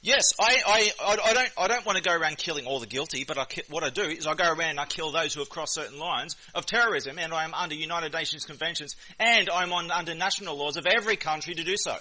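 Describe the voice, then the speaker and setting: A man argues fast and insistently over voice chat, lecturing as if laying down the law. His voice sits a little high and comes through from some distance off the mic. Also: sharp tone. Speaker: voice chat server host. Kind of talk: heated online debate. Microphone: computer mic in voice chat.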